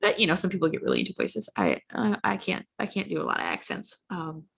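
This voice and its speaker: Woman chatting on a panel, emphatic, lots of uhs, lowish voice. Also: wildly swooping pitch, quick pace, gravelly, fairly bright tone, slightly rough. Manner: chatty, emphatic, with fillers and false starts. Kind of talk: casual discussion.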